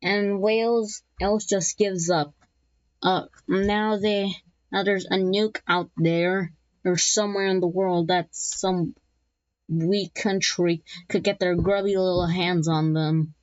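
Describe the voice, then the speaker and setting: Slow, rambling woman narrating a map. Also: lowish voice, fairly even intonation, no room sound. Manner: rambling, many restarts, jokey asides. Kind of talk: casual commentary narration. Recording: dull lo-fi recording.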